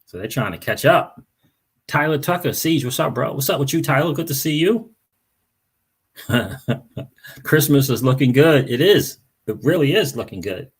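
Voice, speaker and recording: A man's voice: medium pitch, lively intonation, measured pace, pauses often, slightly rough. A man hosting a crypto livestream, chatting casually, greeting viewers by name and repeating phrases. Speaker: crypto channel host.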